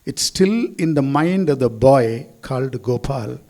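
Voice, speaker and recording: A man's voice: mid-range voice, expressive, measured pace, a little mellow. A man, a school chairman giving a speech at a school event in a hall, telling stories and acting out the quotes.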